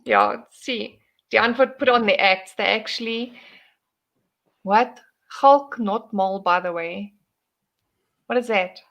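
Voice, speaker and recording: Bright, teasing woman. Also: medium pitch, sing-song, slow, pauses often. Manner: giggly, teasing, laughs often. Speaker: streamer host. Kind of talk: casual chat on a livestream.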